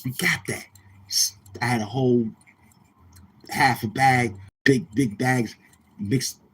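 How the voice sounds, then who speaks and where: A man's voice: medium pitch, fairly even intonation, takes it slowly, husky. A man from Brooklyn, hosting a livestream and telling rambling, profane stories while calling out to the chat. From Brooklyn, New York. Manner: rambling, profane, keeps asking the chat questions. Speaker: show host.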